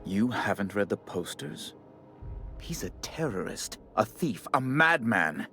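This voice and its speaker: A man's voice: on the low side, sing-song, a little slow, full character voice. An actor voicing a fussy, condescending male corporate bureaucrat in a video game, with a prim, theatrical delivery. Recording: soft game music behind.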